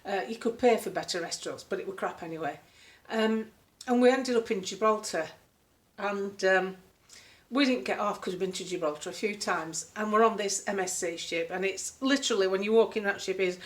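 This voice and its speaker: A woman's voice: medium pitch, brisk. An older woman telling a story in a blunt, chatty way, now and then putting on voices. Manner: blunt, chatty, swears lightly, acts out voices. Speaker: political commentary vlogger. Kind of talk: casual storytelling monologue.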